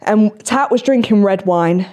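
A woman's voice: mid-range voice, unhurried, muffled recording. A young woman in her twenties hosting a casual podcast chat, telling stories with lots of swearing and acted-out quotes. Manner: animated, swearing, acts out quotes. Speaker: podcast host.

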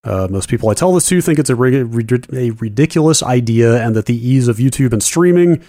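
A man co-hosting a podcast, reading a listener email aloud in an even, steady way. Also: mid-range voice, a little fast, dry recording, studio quality. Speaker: podcast co-host.

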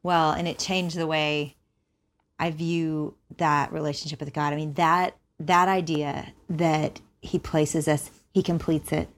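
A woman's voice: low voice, flat delivery, unhurried. A woman podcast host reflecting and affirming in casual conversation.

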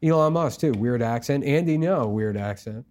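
A man's voice: mid-range voice, lively intonation, normal speed, a little mellow. Man riffing crudely in casual chat. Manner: crude, riffing, drops into mocking impressions. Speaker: podcast co-host.

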